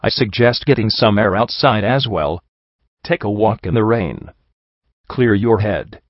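A man doing a gentle male pony priest in an audiobook, speaking low and softly with quiet calm. His talk is patient and a little cryptic. The recording is dry and somewhat muffled. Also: unhurried, dry recording. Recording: dry, slightly dull lo-fi recording.

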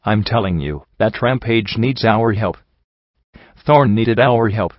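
A man voicing Glory, a calm reasoning mare. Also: fairly low pitch, no room sound, highs cut off, natural voice. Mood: earnest. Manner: measured and reasoning.

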